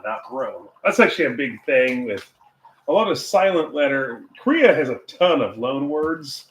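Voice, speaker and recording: A man's voice: on the high side, recorded from a distance. An American man chatting casually while he cooks at home, rambling through asides and chuckling to himself. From United States. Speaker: cooking vlogger and English teacher. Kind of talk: casual cooking livestream chat. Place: home kitchen. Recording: echoey kitchen with faint ambient noise.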